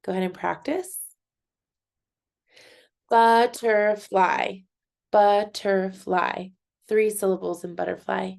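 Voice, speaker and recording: A woman teaching a recorded lesson for children, speaking clearly and encouragingly and clapping out syllables slowly. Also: medium pitch, steady tone, a little mellow.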